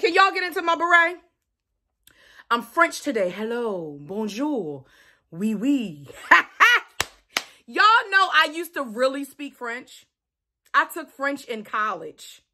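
A young adult woman vlogger talks casually to camera. Her voice sits high and sounds bright and forward. She is chatty and playful and repeats her words to the viewers.

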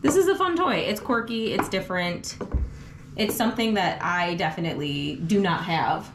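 Brief: woman co-host, casual unboxing chat, wry, roomy sound with clear background noise. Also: medium pitch, expressive, normal speed. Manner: chatty, mildly wry, trails off. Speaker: toy review co-host.

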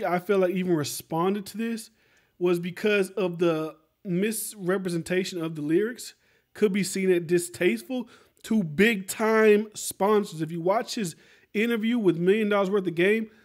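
A man hosting a podcast, giving casual commentary in a rambling, animated way, full of fillers and rhetorical questions. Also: high-pitched. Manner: rambling, animated, lots of "like" and "right?". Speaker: podcast host.

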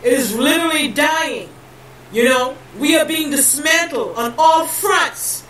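A woman giving an impassioned religious monologue to camera, preachy and emphatic, leaning on "you know" and rising into shouts. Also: sits high, measured pace. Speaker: vlogger. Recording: echoey room, voice from a distance, faint background noise.

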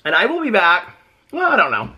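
A man vlogging in his home kitchen, chatting in a rambling, animated way and laughing often. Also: high-pitched, brisk, dull audio, a little hiss or hum. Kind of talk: casual chat.

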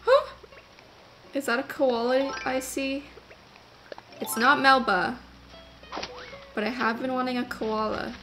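A young woman streaming a video game, chatting to her viewers in a casual, gushing, easily excited way. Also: high-pitched, slow pace, pauses often. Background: game music.

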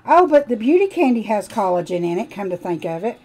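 Live-stream host, woman, country twang, warm mellow tone, rambling chatty demo talk. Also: mid-range voice, very animated, brisk, low-quality recording. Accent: Southern US country twang. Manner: chatty, rambling, talks to viewers while working. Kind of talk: casual live demo chat.

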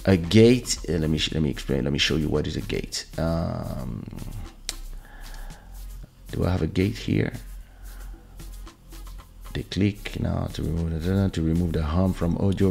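A man hosting a live stream, explaining his audio setup step by step and speaking softly and loudly on purpose to show the effect, into a broadcast microphone. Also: sits low, slow pace, gravelly, pauses often. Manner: explains step by step, talks loud and soft on purpose. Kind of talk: casual tech demonstration. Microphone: dynamic broadcast microphone.

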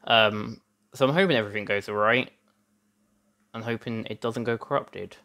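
Fairly low in pitch with a sharp tone, this young man talks at a normal speed while commentating on gameplay for his let's play. He rambles and chats, breaking off mid-thought and restarting often, and he's hot, sweaty, and slightly winded.

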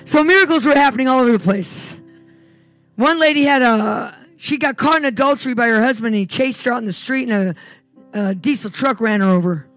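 A woman preacher with a slightly high voice speaks fairly quickly at a live church meeting, faint music behind her. She tells healing stories with animated emphasis and prays in a commanding way during a sermon.

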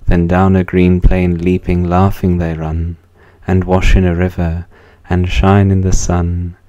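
A man reciting poems in a solemn, measured way, letting the ends of lines fall softly. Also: low-pitched, monotone, highs cut off. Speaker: poetry reader. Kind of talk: slow, measured poetry recitation.

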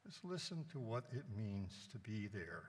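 A priest leading a gentle guided meditation during a homily, pausing often between phrases. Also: male voice, lowish voice, big pitch swings. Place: church. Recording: long church reverb.

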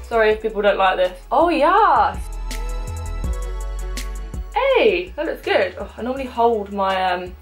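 A woman's voice: mid-range voice, big pitch swings, fairly quick, few pauses, faint music behind. A woman in her twenties chatting casually through a makeup tutorial, self-mocking and talking as she applies products at home. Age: 20s. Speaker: beauty vlogger.

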